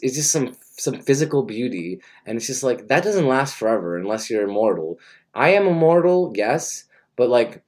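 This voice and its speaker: A man's voice: on the low side, a little mellow. Rambling mock-earnest young man. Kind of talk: rambling comedic monologue.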